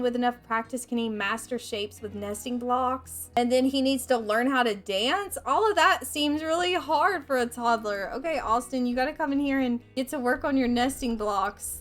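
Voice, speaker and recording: A woman's voice: high-pitched, moderate pace, hardly any pauses, soft background music. A woman hosting a let's play, talking chattily through her game, reading on-screen text aloud and reacting openly and emotionally. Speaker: gaming channel host.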